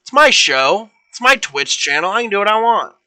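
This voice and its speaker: A man's voice: high-pitched, sing-song, normal speed, sharp tone, clear, resonant tone. A young man streaming, improvising fan fiction in a rambling, playful way that keeps correcting itself. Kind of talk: casual improvised storytelling.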